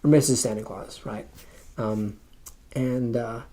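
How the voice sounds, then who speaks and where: A young man, a missionary, telling a story casually and haltingly, with many fillers and restarts. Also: medium pitch, fairly even intonation, mellow.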